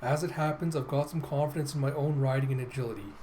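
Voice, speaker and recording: A man's voice: mid-range voice, fairly even intonation, quick pace, mellow, slight background noise, natural voice. A man voicing a confident young female cyborg fighter in his own plain reading voice. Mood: determined.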